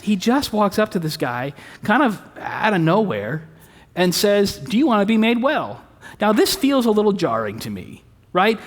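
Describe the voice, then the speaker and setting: Pastor, male, fairly high voice, easy conversational preaching, long sanctuary reverb. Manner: conversational preaching with rhetorical questions. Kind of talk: sermon. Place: church sanctuary.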